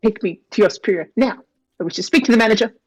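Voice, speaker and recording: Woman doing a shrill entitled customer. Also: racing, slightly rough, soft background music. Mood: indignant. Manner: haughty, demanding. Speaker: player.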